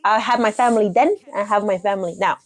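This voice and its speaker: A woman's voice: medium pitch, fast, dry recording. A young woman candidly telling her own story, blunt, swearing freely and laughing at herself. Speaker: MMA fighter sharing her story.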